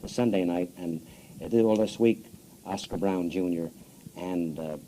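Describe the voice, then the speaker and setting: A man's voice: sits low, measured pace, dark tone, a little hiss or hum, poor audio. An American man hosting a radio interview in a nightclub, asking long winding questions and cutting in, on an old 1960s radio tape. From United States. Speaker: radio host.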